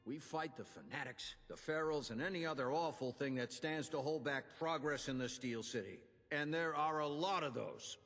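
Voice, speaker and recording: An actor voicing a gruff older man who is a union inventor and quartermaster, speaking in a folksy, theatrical way. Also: a little high, moderate pace, few pauses, fairly bright tone, in a large hall, faint music behind. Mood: earnest. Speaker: game character giving quest dialogue.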